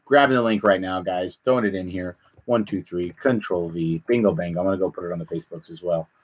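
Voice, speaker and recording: A man hosting a casual chat, rambling and animated, often repeating himself. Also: deep voice, fast. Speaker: podcast host.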